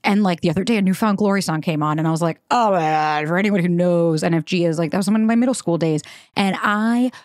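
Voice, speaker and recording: A woman hosting a podcast in casual conversation, chatty and rapid-fire, peppering her talk with "like" and "right?". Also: on the low side, a little mellow, no room sound, clean studio sound. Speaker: podcast host.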